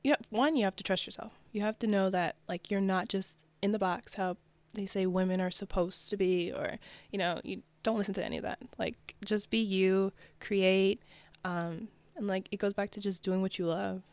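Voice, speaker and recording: A woman's voice: medium pitch, fairly even intonation, moderate pace, few pauses, darkish tone, dry recording. A young woman from New Jersey, a fashion designer, talking as a guest in a casual interview, chatty and upbeat with lots of "like" and "you know".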